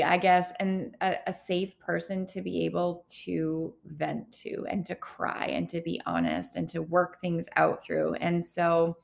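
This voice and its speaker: Woman in her 30s, lowish gravelly voice, talking open and kinda teary, lots of pauses. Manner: candid, halting, emotional. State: holding back tears. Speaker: healthcare worker vlogger. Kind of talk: personal confessional vlog.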